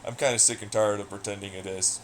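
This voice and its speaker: A man's voice: fairly low pitch, fairly even intonation, fast, slight background noise, rough recording. A young man chatting casually on a livestream, rambling and swearing a lot in a sardonic tone. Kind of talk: casual stream chat.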